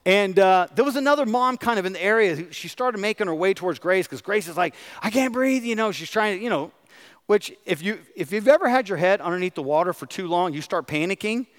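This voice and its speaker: A man's voice: high-pitched, animated, fast talker, a bit bright. A middle-aged man, a pastor, preaching a sermon and asking his congregation questions. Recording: long hall reverb.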